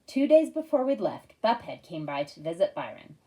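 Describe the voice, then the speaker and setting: A woman narrating a first-person audiobook in a wry, expressive storytelling manner. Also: on the low side, normal speed, poor audio.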